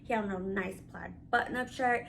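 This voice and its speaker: Bright-voiced woman telling a story. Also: mid-range voice, fairly quick, creaky, slight background noise. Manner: animated and candid, swears freely. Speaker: vlogger. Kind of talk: casual storytelling.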